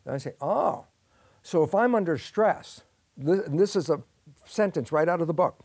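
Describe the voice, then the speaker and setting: An older man with a fairly high voice talks through a science explanation as an interview guest. He acts out his own questions and answers in a lively storytelling way. The sound is close and dry, with no room around it. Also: moderate pace, dry recording. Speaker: guest expert.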